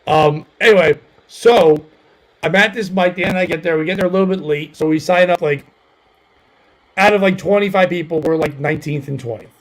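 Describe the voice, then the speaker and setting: Male comedy host, casual rambling anecdote, light raised pitch. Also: a little fast, rough recording. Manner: rambling, filler-heavy, self-deprecating. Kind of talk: casual storytelling chat.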